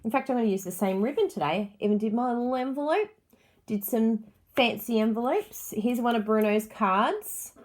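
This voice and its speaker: A woman's voice: on the high side, lively intonation, moderate pace, darkish tone. A woman hosting a crafting livestream, chatting casually and gushing with enthusiasm over her supplies.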